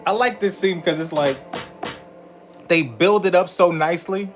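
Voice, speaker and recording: Soft background music plays as a man reacts to movie clips on a live stream, sitting indoors facing a screen. His high voice keeps a moderate pace, and his casual, animated chatter is full of swearing and laughter.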